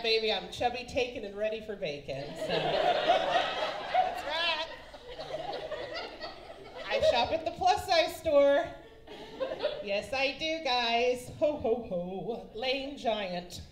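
In a very noisy, echoey club, a woman from Kansas in her forties delivers stand-up slowly, with long pauses and big swings in her fairly high voice. Brassy and teasing, she calls the laughing crowd baby and honey.

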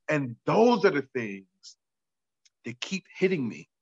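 A man, a pastor, telling stories in an excitable, talkative way during a chat, on a dull lo-fi recording. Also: a little high, slow pace. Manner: excitable, talkative, acts out quotes. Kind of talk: animated storytelling in a chat. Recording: dull lo-fi sound.

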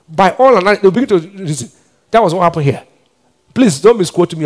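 A middle-aged man with a Nigerian accent preaching a sermon, swinging between quiet asides and emphatic, shouted decrees. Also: high voice, expressive, brisk. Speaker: pastor.

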